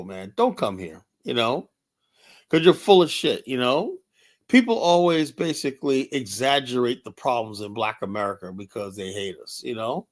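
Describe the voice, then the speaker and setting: Older man hosting a stream, blunt and rambling, cusses a lot, mid-pitched voice. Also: a bit bright. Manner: rambling, blunt, profane, many "you know" fillers. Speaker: livestream host. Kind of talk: casual livestream talk reading chat.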